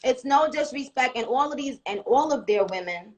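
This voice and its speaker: A woman's voice: sits high, expressive, moderate pace, crowd noise. A woman hosting a casual live-stream chat, brash and profane, teasing her guest and hurrying her along.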